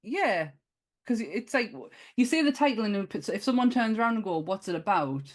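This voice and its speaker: A woman's voice: mid-range voice, very animated, fairly quick. A woman hosting a podcast in casual chat, chatty and laughing often. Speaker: podcast host.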